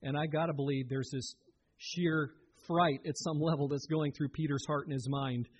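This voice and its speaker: Husky-voiced man preaching earnestly. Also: fairly high pitch, steady tone, normal speed. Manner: earnest, conversational preaching with direct questions to listeners. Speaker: pastor. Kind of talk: sermon.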